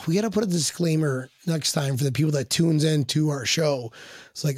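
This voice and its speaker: A man's voice: fairly high pitch, normal speed, no echo, clean studio sound. A man chatting as a guest on a fan podcast, rambling, swearing and laughing as he tells stories. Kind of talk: casual podcast chat.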